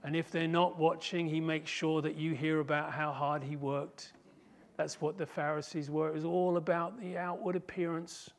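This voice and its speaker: A man preaching a sermon as pastor, telling the story slowly and emphatically with dramatic flair. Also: a little high, little pitch movement, gravelly.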